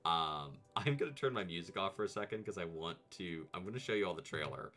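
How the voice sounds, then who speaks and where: A male vtuber rambles through casual video commentary, laughing often. His voice sits low yet swings widely in pitch. The tone is bright and forward, with quiet music underneath. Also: a little fast, few pauses. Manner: rambling and animated, laughing, jumping into high mock voices. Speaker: vtuber host.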